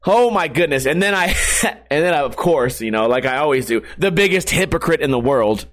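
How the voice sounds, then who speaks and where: A young skateboarder and online streamer rants casually to his viewers, sarcastic, profane and laughing at himself. His voice sits on the high side, fairly bright, with lively intonation and a brisk pace.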